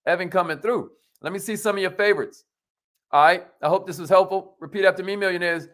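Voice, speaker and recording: High-energy man hosting a live stream. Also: quick pace, fairly bright tone. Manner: hypes viewers, calls out commenters by name; repeats phrases, leads affirmations. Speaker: host of a live business stream.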